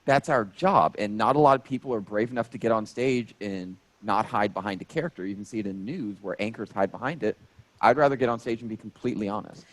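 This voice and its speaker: Animated comedian man in his thirties. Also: on the low side, fast talker, dry recording, low-quality recording. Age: 30s. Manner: animated, jokey storyteller. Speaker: stand-up comedian guest. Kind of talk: casual interview storytelling.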